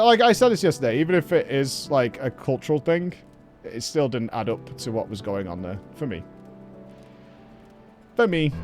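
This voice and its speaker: A man's voice: on the high side, darkish tone. A man with a Northern English accent, chatting casually as he streams a game, swearing freely and rambling in banter. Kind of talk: casual live-stream commentary.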